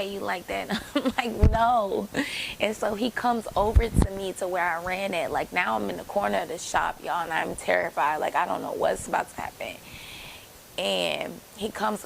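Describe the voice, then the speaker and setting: A woman in her late twenties tells a story from her own life to her viewers in a casual, rambling way. Her voice at a mid pitch carries a strong gravelly fry throughout. She talks close to the camera, a faint hiss underneath. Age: late 20s. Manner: chatty, rambling, addresses viewers as y'all. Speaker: vlogger telling a personal story.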